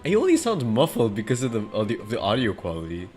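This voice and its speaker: A man's voice: mid-range voice, huge pitch swings, fast talker. A man co-hosting a gaming video, joking and bantering in casual chat during a playthrough. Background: game music.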